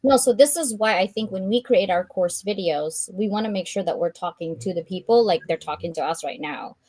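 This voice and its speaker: A woman hosting a live stream, reading out a checklist and chatting in an animated way, laughing often and acting out her own thoughts. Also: medium pitch, a little fast, no echo.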